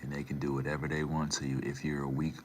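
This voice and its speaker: A man's voice: a bass voice, flat delivery, quick pace, a little hiss or hum. A man casually reading and answering his live chat, laid-back and slangy, calling viewers man and bro.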